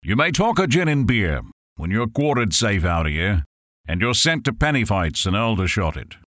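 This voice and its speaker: A man giving a dramatic poetry recitation, swelling loud on the refrains and dropping low on the ends of lines. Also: big pitch swings, moderate pace, no echo, clean studio sound. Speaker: poetry reader.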